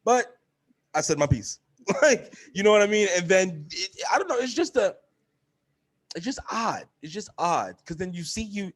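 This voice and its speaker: A young man hosts a relaxed podcast conversation. He tells stories with lots of life, swears freely and jumps up high when he acts out what others said. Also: normal speed, husky. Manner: animated storyteller, acts out quotes in a high voice. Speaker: podcast host. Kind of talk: casual chat.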